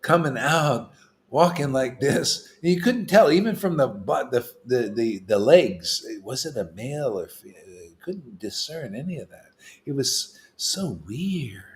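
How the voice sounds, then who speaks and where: A man leading a gathering of devotees, preaching in a loose, slangy, teasing way, with his voice swinging from loud bursts to quiet asides. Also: expressive, measured pace. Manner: emphatic and slangy, with swings in loudness and pitch; teasing, playful jokes between serious points. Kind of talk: informal preaching to a small group.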